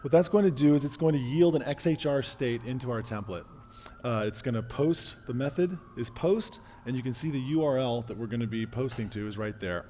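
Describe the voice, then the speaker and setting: A man giving a casual live-coding talk at a meetup, losing his voice and clearing his throat, with fillers and restarts. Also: mid-range voice, brisk, mellow, a little hiss or hum. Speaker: meetup presenter. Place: meetup room.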